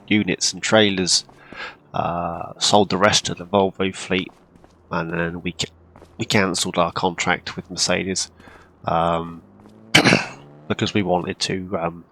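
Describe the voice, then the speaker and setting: Deep gravelly man chatting through a game. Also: fairly bright tone. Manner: rambling, with many ums and throat-clearing. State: hiccuping and coughing. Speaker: farming game role-play channel host. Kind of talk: casual gameplay commentary.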